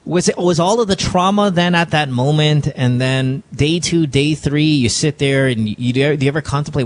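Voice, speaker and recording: A man hosting an interview, asking probing, halting questions of his guest. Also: on the high side. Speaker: interview host. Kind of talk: conversational interview.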